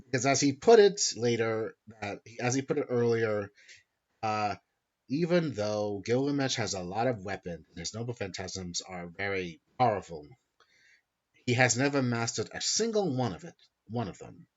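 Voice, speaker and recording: A man with a low voice hosts a podcast, recapping a story in a loose, rambling way, correcting himself and swearing freely. The audio is dull and lo-fi. His talk is casual and unscripted. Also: lively intonation, moderate pace. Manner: rambling, profane, self-correcting. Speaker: podcast host. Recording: dull lo-fi sound.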